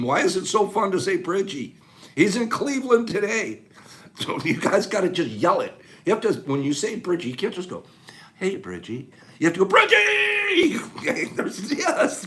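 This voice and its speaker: A man's voice: a little high, a bit bright. A man hosting a casual livestream, chatting and greeting viewers by name. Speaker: livestream host.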